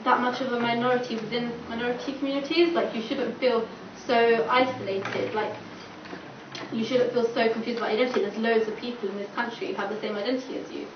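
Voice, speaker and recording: This young woman campaigner, a student, has a slightly high voice and a steady tone, and she speaks fast. Her panel talk is chatty and packed with fillers like "like," plus acted-out quotes, all in a distant, echoey, dull, noisy room recording.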